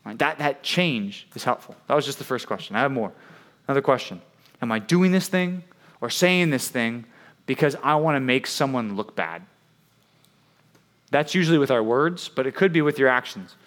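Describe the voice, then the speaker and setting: A man's voice: medium pitch, expressive, normal speed, a bit bright. Conversational male youth preacher. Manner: conversational, keeps asking "right?" and acts out quoted voices. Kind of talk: sermon to young people.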